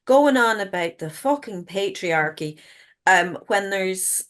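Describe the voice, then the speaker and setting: A woman's voice: medium pitch, expressive, slow pace. A middle-aged woman, a guest author telling stories frankly in casual chat and swearing freely. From Ireland.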